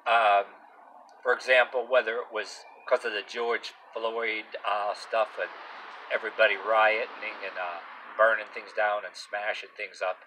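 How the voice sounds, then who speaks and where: A man's voice: on the low side, level tone, a little slow, sharp tone, slight background noise, low-quality recording. A man in a casual opinion rant outdoors, rambling and swearing with many restarts and fillers. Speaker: vlogger. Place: outdoors near a street with passing cars.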